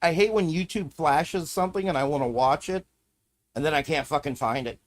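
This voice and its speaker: A man's voice: a little high, brisk. A man streaming live, talking to himself as he browses videos, swearing and ranting in a casual, irritated way. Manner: profane, ranting, muttering to himself while browsing.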